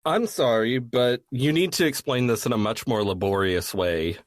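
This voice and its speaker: A man on a casual podcast, chiming in with dry, deadpan quips. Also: medium pitch, normal speed, no room sound. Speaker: podcast co-host. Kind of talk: casual chat.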